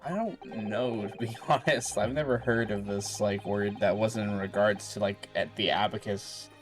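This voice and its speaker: A man's voice: lowish voice, moderate pace, soft background music. A man chatting casually during a game stream with dry, offhand remarks.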